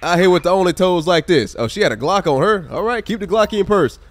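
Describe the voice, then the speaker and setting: A man's voice: high voice, expressive, fast talker, no echo. A man livestreaming a police game, joking around and thanking viewers in the chat. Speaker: gaming livestreamer. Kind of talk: live game commentary and chat shout-outs.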